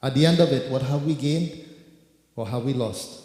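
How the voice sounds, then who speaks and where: A man's voice: medium pitch, normal speed, dark tone. A man preaching a sermon, addressing listeners as devotees and repeating words for emphasis. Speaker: preacher leading kirtan. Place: temple hall. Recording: echoey hall with music.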